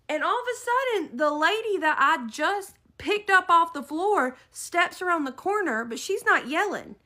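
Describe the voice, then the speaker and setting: A woman giving an animated, dramatic storytime narration. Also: very high voice, normal speed.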